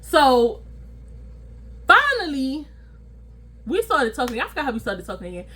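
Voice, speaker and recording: High-voiced woman telling a story, laughing. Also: normal speed, husky. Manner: animated and slangy, laughing often. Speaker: storytime vlogger. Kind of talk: casual storytelling to viewers.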